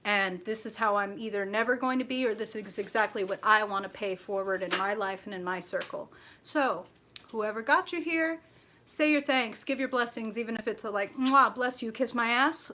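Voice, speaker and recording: Bright, bubbly woman streamer. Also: moderate pace, slight background noise. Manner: laughs often, greets viewers with high excited shouts. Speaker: tarot reader hosting a live stream. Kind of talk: bubbly live-stream chat.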